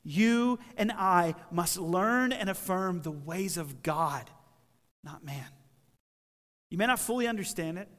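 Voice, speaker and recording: A man preaching a sermon, animated, acting out the people in the story with shifting voices. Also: high-pitched, slow pace, long reverb tail.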